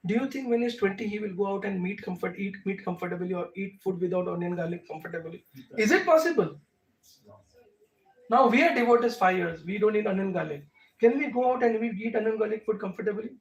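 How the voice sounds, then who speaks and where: A man's voice: high voice, quick pace, vocal fry. A man with an Indian accent teaching a devotional class, answering questions emphatically with rhetorical questions. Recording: echoey room, mic far off.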